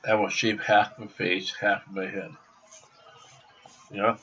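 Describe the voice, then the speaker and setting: A man's voice: lowish voice, flat delivery, takes it slowly, bright, forceful tone, slight background noise. A man vlogging from home by his computer, rambling, repeating himself and swearing freely, in a dull lo-fi recording. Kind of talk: rambling casual vlog.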